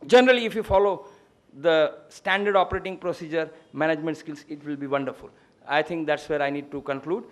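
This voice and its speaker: A man's voice: on the high side, a little fast. A man speaking, giving a lecture as a guest speaker and closing it with a story. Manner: discursive, storytelling.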